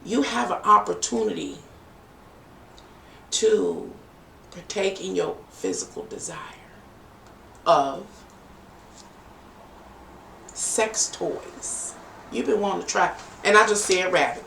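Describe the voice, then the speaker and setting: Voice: medium pitch, big pitch swings, slow, vocal fry, pauses often, pushed and bright. A tarot reader giving a chatty, playful live-stream reading, with teasing asides to viewers. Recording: echoey room, distant from mic, faint noise.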